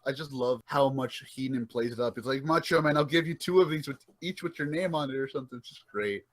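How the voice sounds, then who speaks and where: Young male podcast co-host, relaxed and profane, laughs easily. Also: mid-range voice, fast. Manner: laughing, profane, playfully quoting wrestlers. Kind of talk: casual chat.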